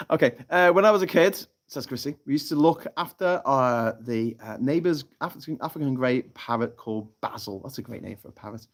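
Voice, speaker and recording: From a hammock on an off-grid tropical island, a man hosts a casual live stream, reading chat comments aloud. He's chatty and sweary, telling jokes amid lots of laughter. His mid-range voice is expressive and moves at a normal speed.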